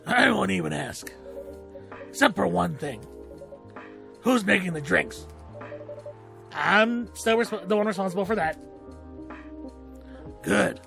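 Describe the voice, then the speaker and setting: A man's voice: high-pitched, lively intonation, takes it slowly, creaky, long pauses, music in the background. A man streaming a game, chatting casually as he thinks aloud and swears now and then. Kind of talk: casual game playthrough commentary.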